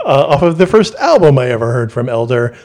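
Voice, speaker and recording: A man's voice: medium pitch, very animated, brisk, darkish tone. A man co-hosting a podcast in casual chat, talkative and full of fillers. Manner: chatty, with many fillers. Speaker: podcast co-host.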